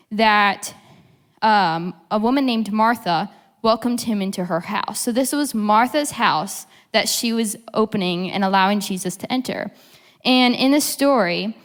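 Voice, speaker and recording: A young woman giving a casual devotional teaching, chatty, full of fillers, acting out the quotes she tells. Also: medium pitch. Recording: long hall reverb.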